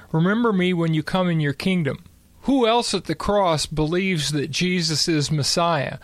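High-voiced man explaining scripture. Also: a bit bright, no room sound. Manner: explanatory, measured. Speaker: Bible teacher. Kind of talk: conversational Bible discussion.

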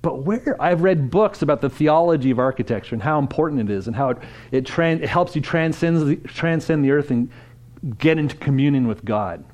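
A man with a fairly high, animated, slightly fast voice and a darkish tone gives an interactive church talk at a conference. He speaks casually and keeps putting questions to the audience.

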